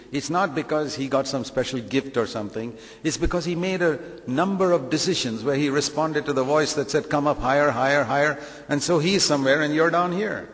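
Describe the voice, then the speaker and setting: Emphatic male preacher in a reverberant hall. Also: on the high side. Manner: emphatic, rhetorical questions, acts out quoted voices. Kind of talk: sermon.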